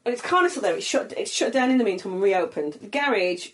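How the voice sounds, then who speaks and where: Animated woman comic storyteller. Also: medium pitch, fast talker. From Scotland. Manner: swearing, animated storytelling with shouted quotes. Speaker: comedian guest. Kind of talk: casual podcast chat.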